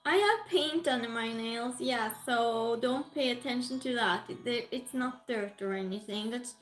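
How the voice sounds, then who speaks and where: A high-voiced woman with a Norwegian-tinged British English accent hosts a relaxed live stream at an unhurried pace. She greets her viewers one by one and reads their comments aloud. Her voice bounces around an echoey room with faint music underneath. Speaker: livestream host. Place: home room.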